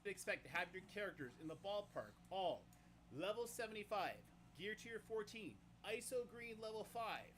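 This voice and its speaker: Confident male guide narrator, slightly high voice, instructive, faint noise behind. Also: lively intonation, moderate pace, fairly bright tone. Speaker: game guide creator. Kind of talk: explanatory game guide narration.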